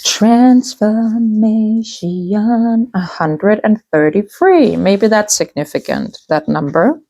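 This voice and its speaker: A woman giving a casual tarot reading, musing aloud with soft hums and restarts as she turns the cards. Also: mid-range voice, animated, slow pace. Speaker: tarot reader.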